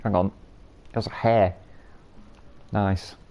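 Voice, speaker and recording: A man's voice: fairly low pitch, steady tone, takes it slowly, mellow. Swearing, bantering male game streamer. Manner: banter-filled, swears freely, teases chat. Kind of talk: live gameplay commentary chatting with viewers.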